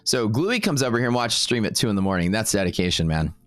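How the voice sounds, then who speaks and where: A man's voice: lowish voice, very animated, a bit bright, soft background music. A man teaching trading live on stream, casual and upbeat, chatting with viewers between explanations. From Texas. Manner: casual and upbeat, full of fillers and quick asides to chat.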